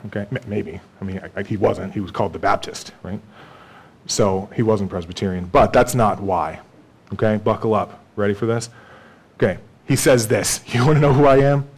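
A man's voice: fairly low pitch, fairly even intonation, moderate pace, slightly rough. A man preaching a sermon in a conversational way, acting out bits of dialogue and laughing with the congregation. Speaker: pastor.

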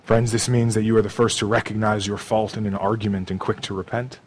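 A pastor preaches fairly quickly in a level tone, captured on a low-quality recording with a little hiss or hum. He talks conversationally, adding "okay?" and "right?" to his points and moving from soft, low asides to raised, emphatic lines.

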